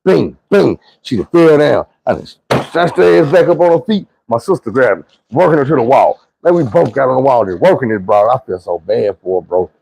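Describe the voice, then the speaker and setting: A man's voice: mid-range voice, expressive, fairly quick, gravelly, noisy background. A man telling a story in a casual, profane, slangy monologue, rambling loosely with frequent restarts.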